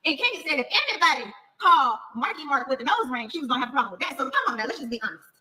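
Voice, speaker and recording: A woman's voice: high-pitched, very animated, rapid-fire, sharp tone, rough recording. A middle-aged woman, a reality TV cast member, telling a story in a blunt, casual podcast rant and swearing freely.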